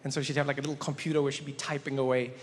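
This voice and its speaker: A male stand-up comedian telling a story on stage in a large hall, animated and slipping into voices. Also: medium pitch, very fast.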